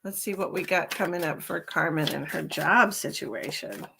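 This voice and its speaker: A woman's voice: lowish voice, normal speed, vocal fry, noisy background. A woman giving live-stream tarot readings, chatting with viewers and calling them honey and darling. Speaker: tarot reader.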